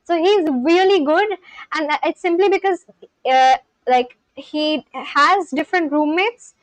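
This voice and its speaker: A woman's voice: sits high, measured pace, no echo, poor audio. A woman live-streaming, chatting casually with her viewers as she reads and answers their messages.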